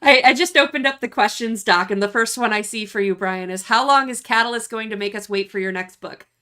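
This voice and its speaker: A woman's voice: fairly high pitch, fairly quick, sharp tone, clear, resonant tone. A woman hosting a casual interview, reading out viewer questions and laughing often. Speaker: host.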